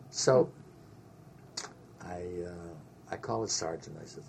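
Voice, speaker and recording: An older man recalling his army days in an oral history interview, an animated storyteller who sprinkles in Yiddish words. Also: low voice, unhurried, creaky, pauses often, slight background noise.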